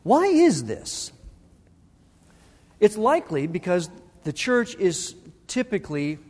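A man's voice: sits high, very animated, slow pace, pauses often, in a large hall. A middle-aged man preaching a sermon, earnest and conversational, restarting his phrases as he talks. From Arizona. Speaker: pastor.

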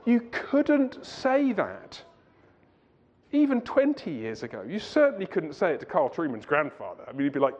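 A man lecturing a church audience in a conversational way. He asks rhetorical questions and sometimes digresses. His voice is fairly high-pitched, and the recording sounds muffled and lo-fi. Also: very animated, moderate pace, big-room sound. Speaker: Christian conference speaker.

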